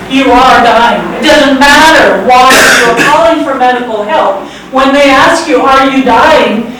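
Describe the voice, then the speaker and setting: An American woman in her sixties, with a high voice and slow pace, tells a true story on stage full of wry, sarcastic, self-mocking humor. The live recording comes from a very echoey hall, with a distant mic and background noise.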